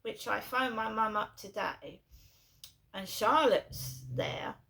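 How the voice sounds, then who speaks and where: A woman's voice: on the high side, slow pace, creaky, pushed and bright. A middle-aged woman from England telling a long personal story in a rambling way, repeating herself with many fillers and restarts. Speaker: vlogger.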